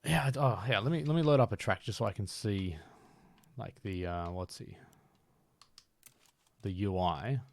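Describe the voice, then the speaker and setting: A man's voice: lowish voice, moderate pace, gravelly, pauses often. A man streaming a game live, chatting with viewers and giving a tutorial, thinking aloud and poking fun at himself.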